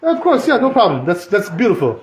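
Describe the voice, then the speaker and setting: A man teaching a Torah class as a rabbi, animated and joking, with many rhetorical questions. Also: high-pitched, brisk. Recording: echoey room, slightly dull.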